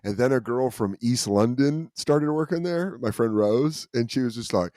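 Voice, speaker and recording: A man in his late thirties from Colorado, a comedian chatting casually on a podcast, animated and full of impressions. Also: medium pitch, normal speed, dry recording, studio quality. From Aurora, Colorado. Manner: animated storyteller, frequent voice impressions, laughing. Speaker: comedian guest.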